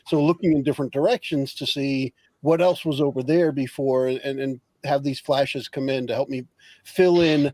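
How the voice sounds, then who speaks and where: Measured man playing a tabletop game. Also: mid-range voice, fairly even intonation, mellow, no room sound, low-quality recording. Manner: measured, explaining his plans. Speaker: player.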